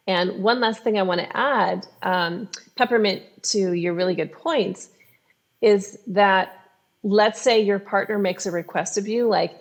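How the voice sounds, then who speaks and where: A woman sex therapist talking on a podcast, explaining advice in a calm, instructive way. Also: medium pitch.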